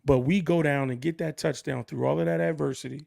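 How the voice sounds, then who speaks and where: A man co-hosting a sports podcast, recapping a game in casual chat in a slow, measured way. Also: fairly high pitch, fairly even intonation, creaky, darkish tone, no echo, studio quality. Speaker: podcast co-host.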